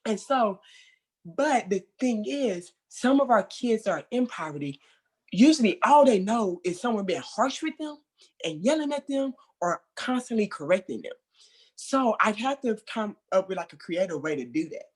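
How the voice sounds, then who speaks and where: A woman's voice: medium pitch, moderate pace, husky. A woman who works at a children's center, talking casually and expressively with lots of fillers over a video call. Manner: expressive, conversational, many fillers like "like". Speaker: children's center worker sharing experience. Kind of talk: casual training discussion.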